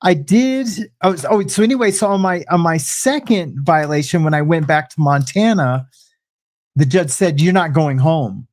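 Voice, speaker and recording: A man recounting his past in an easygoing interview, speaking in halting bursts full of restarts and fillers. His voice sits a little higher than average for a man. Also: a little mellow. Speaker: guest sharing testimony. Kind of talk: casual conversational storytelling.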